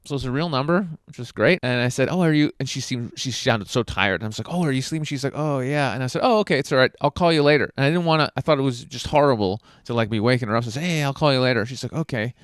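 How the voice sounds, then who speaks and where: A man's voice: medium pitch, fast, few pauses, clear, resonant tone, no echo, clean studio sound. A man telling candid, self-mocking dating stories in a casual monologue, swearing and using lots of fillers.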